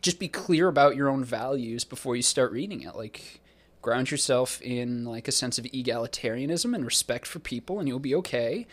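A man hosting a casual podcast discussion, talking in a sardonic, profane and lively way. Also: mid-range voice, normal speed. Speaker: podcast host.

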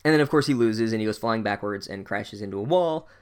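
A man recapping a book as a comedic monologue, sarcastic and profane, with deadpan asides and loud incredulous outbursts. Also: fairly low pitch, fast talker, smooth. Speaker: podcast host recapping a book.

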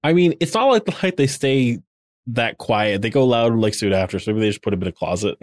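A man's voice: mid-range voice, expressive, fairly quick, no room sound, clean studio sound. A man co-hosting a podcast, retelling episode events in a loose, filler-heavy way. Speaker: podcast co-host. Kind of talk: casual episode recap.

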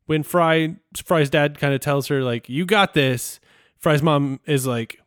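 A man's voice: on the high side, slow pace, fairly bright tone, clear, resonant tone, no echo, clean studio sound. A married man co-hosting a casual podcast, rambling and self-deprecating and laughing often. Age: adult, married. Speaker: podcast co-host.

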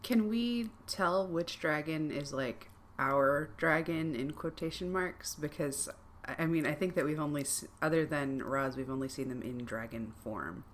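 A woman's voice: low voice, measured pace, few pauses, slight background noise. A woman playing a tabletop game, chatty and joking with the group. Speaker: player.

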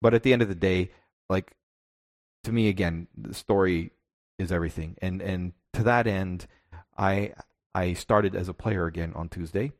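A man who co-hosts a podcast, talking in a casual, reflective way and often restarting his thoughts. His voice sits low. The recording is dry and close, with no room sound. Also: normal speed, dry recording. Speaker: podcast co-host. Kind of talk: casual chat about tabletop gaming.

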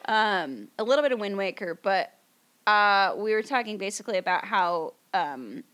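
A woman's voice: mid-range voice, expressive, normal speed, fairly bright tone, faint music behind. A woman co-hosting a podcast at a table during a livestream, chatting casually and rambling with lots of fillers. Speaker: podcast co-host. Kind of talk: casual chat.

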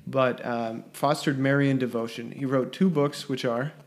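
A man's voice: mid-range voice, steady tone, normal speed. A man hosting a casual chat, quizzing his co-host and teasing him with dry humor.

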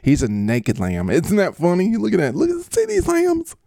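A man's voice: high voice, huge pitch swings, moderate pace, creaky, mellow, dry recording, pitched above the performer's own voice, heavily acted. Give me a man putting on an eager folksy farmer with a drawl, talking up his lambs in a dry close mic. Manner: drawling and pushy, keeps showing off. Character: folksy eager male lamb farmer, proud and chatty. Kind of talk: comedy podcast character bit.

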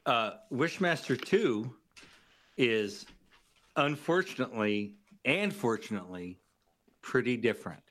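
A man who is a guest on a podcast, chatting casually about horror movies with a measured, dryly humorous delivery. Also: medium pitch, animated, fairly bright tone. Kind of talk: casual movie review chat.

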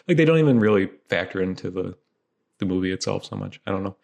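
A man's voice: low voice, animated, fast talker, gravelly. A man co-hosting a casual film chat, joking in a dry way and often laughing. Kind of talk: casual chat about films.

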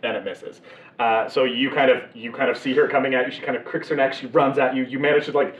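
A man's voice: medium pitch, steady tone, quick pace, heavy background noise. A man narrating as game master of a tabletop game, in a loose, rambling way full of fillers. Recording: distant, echoey, muffled mic.

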